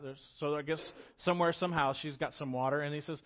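Conversational pastor, dull lo-fi recording. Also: male voice, fairly high pitch, fast, few pauses. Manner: conversational, swings from loud to hushed. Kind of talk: casual storytelling sermon.

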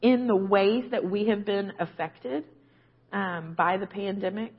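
A woman's voice: mid-range voice, unhurried, slightly rough, muffled recording. A woman preaching a conversational sermon, often checking in with "right?". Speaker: guest preacher.

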